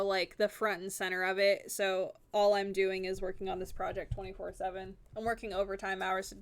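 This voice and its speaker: A woman's voice: mid-range voice, fairly bright tone, clear, resonant tone. A woman streaming a game, chatting casually and rambling with lots of filler words. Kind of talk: casual chat while gaming.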